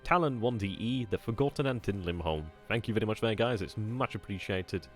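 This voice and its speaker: A low-pitched man talking casually as the host of a strategy gaming channel. He is chatty and informal, with the odd bit of swearing. Soft music plays faintly underneath. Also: expressive, a little fast. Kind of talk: casual video outro chat.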